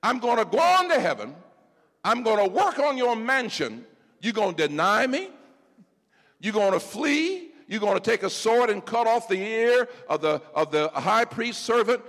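A man preaching, voicing Jesus as a gentle grown man who speaks slowly and tenderly, in an echoey church. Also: sits high, big pitch swings, pitched above the performer's own voice, heavily acted. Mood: exultant. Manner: soft, slow, tender reassurance.

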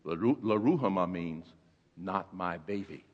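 A male pastor preaching a sermon, swinging from hushed storytelling to shouted exhortation. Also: low-pitched, expressive, a little slow, slightly rough, long reverb tail, lo-fi sound. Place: church sanctuary.

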